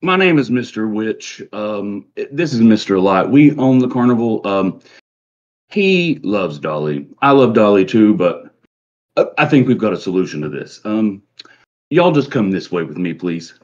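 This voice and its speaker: A man voicing a short, rotund male nobleman who runs a carnival and speaks in a slow, soothing drawl in a lo-fi recording. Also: lowish voice, big pitch swings.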